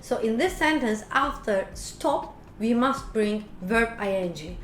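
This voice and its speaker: A woman English teacher explaining quiz answers in slow, careful steps. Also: on the high side, animated, faint music behind. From Turkey. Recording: echoey room with faint noise.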